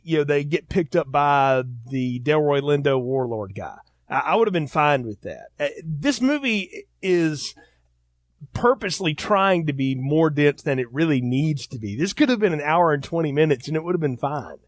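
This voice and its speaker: Animated man co-hosting a film podcast. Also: fairly high pitch, dry recording, clean studio sound. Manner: animated, quotes movie lines in put-on voices. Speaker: podcast co-host. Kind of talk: casual film review chat.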